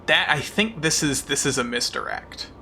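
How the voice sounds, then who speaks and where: A man's voice: a little high, expressive, moderate pace, pushed and bright, slight background noise. A man streaming a puzzle game in casual chat, frustrated and self-mocking, who swears often and thanks viewers as he plays. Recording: game stream with music behind.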